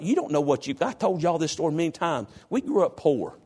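A man preaching a sermon in a church, swinging from low, quiet talk to high, shouted passages. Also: animated, brisk, hardly any pauses, slightly rough.

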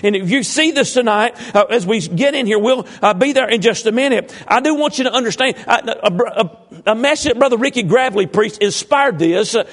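Preacher man, high-pitched, folksy and teasing with the congregation. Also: lively intonation, a little fast, hardly any pauses, fairly bright tone. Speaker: pastor. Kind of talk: informal sermon to a congregation.

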